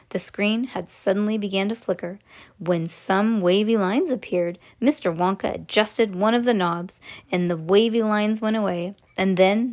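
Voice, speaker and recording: A woman reading a children's book aloud in an animated way, with joking asides. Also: mid-range voice. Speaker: reader.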